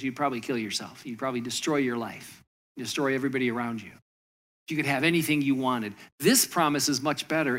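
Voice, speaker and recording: Conversational male pastor telling a story. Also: fairly high pitch. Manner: storytelling, conversational, with lively voiced quotes. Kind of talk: sermon.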